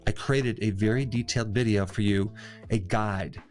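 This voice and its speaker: A middle-aged man hosting a health explainer, speaking to the camera in a conversational, emphatic way with quick "right?" asides and touches of sarcasm. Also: fairly low pitch, fairly even intonation, darkish tone, faint music behind. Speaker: health educator host. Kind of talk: direct-to-camera explainer monologue.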